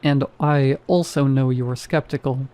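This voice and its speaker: A deadpan male security guard who sounds like nothing in the world matters to him, as a male narrator reads him. His voice is mellow and dark-toned, delivered in a flat monotone that stays almost bored. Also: on the high side, normal speed, lightly acted.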